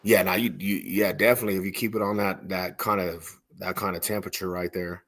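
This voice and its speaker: Husky-voiced man telling street stories. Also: low-pitched, flat delivery, quick pace, a bit bright. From Denver, Colorado. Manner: slangy, rambling, peppered with "bro" and "homie". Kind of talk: casual podcast storytelling.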